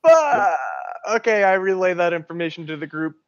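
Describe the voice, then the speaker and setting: A man playing a tabletop game casually, joking and excitable, on a dull lo-fi mic. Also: sits high, fast talker, no room sound. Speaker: player. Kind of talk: casual tabletop play over voice chat.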